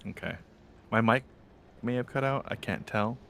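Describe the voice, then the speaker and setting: A man's voice: medium pitch, fairly even intonation, normal speed, fairly bright tone, slight background noise. A man streaming a game, chatting casually and joking with viewers in a rambling way. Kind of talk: casual live-stream chat.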